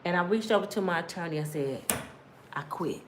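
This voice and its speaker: Talking fast in a lower-leaning voice, with background noise behind her, a woman in her fifties shares her life story. It's an emphatic, impassioned, preachy monologue delivered straight to listeners, complete with acted-out quotes from other people.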